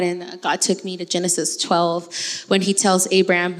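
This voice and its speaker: Animated storytelling woman in a reverberant hall. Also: lowish voice, moderate pace. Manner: animated, storytelling, acts out quoted dialogue. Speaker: church member sharing testimony. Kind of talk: personal testimony in casual talk.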